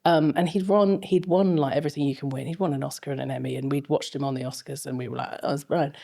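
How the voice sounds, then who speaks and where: Her voice rumbles low with vocal fry and a warm tone, and she talks quickly with fairly even intonation. She is a middle-aged fashion film lecturer appearing as a guest in a casual interview, spinning long, rambling stories full of fillers.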